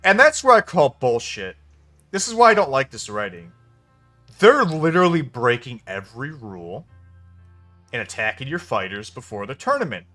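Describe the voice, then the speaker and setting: A man's voice: mid-range voice, very animated, moderate pace, sharp tone, faint music behind. A man giving a casual spoken film review, venting in an exasperated, profane way. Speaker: movie reviewer.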